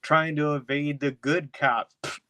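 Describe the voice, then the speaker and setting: A man's voice: on the high side, flat delivery, a little slow, bright, forceful tone, no echo. A man co-hosting a podcast, recapping a film in a loose, profane, rambling way. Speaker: podcast co-host. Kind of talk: casual podcast chat.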